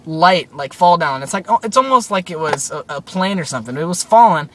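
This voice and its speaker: This young man's voice is a little high, fairly bright, and expressive as he briskly recounts a strange dream to his viewers. It's casual vlog storytelling, rambling and full of "like" and "um," with slight background noise.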